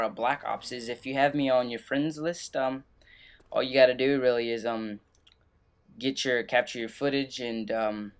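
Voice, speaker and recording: Young male gaming host, casual update, rambling delivery with constant ums and restarts. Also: medium pitch. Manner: rambling, many fillers and restarts.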